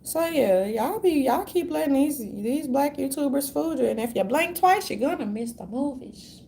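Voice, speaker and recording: A woman's voice: high-pitched, animated, normal speed, gravelly, warm tone, a little hiss or hum. A woman vlogger ranting in a meandering, profane, slangy way. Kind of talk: rambling casual rant.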